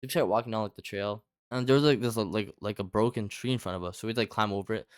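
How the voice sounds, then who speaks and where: Fast rambling young man, dry sound. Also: fairly low pitch, smooth, no echo. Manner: rambling, heavy filler "like", lots of swearing. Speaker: storyteller. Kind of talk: casual storytime chat.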